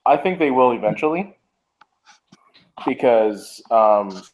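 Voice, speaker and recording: A man's voice: medium pitch, animated, slow, slight background noise, poor audio. A man on a podcast panel answering thoughtfully, hesitating and restarting as he talks. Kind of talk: casual chat.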